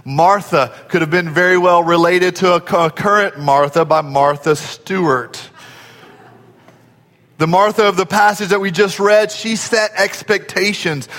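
A man's voice: high-pitched, fairly even intonation, measured pace, fairly bright tone, in a large hall. A man preaching a sermon as pastor, folksy and conversational, often asking the congregation questions.

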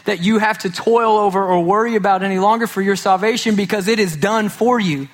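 Emphatic preacher man, higher voice. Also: a little fast, few pauses. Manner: emphatic, repeats key phrases. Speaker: pastor. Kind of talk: sermon.

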